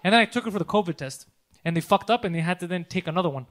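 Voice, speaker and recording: Fast-talking high-voiced man telling stories. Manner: animated storytelling, swears a lot, laughs often. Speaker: podcast co-host. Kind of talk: casual podcast chat.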